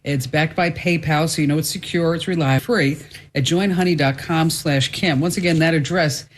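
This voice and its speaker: A woman's voice: deep voice, fairly even intonation, moderate pace, a little hiss or hum. A woman radio host reading an ad in a chatty, playful way and interviewing a guest. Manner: chatty, playful, acts out little voices. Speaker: radio talk show host.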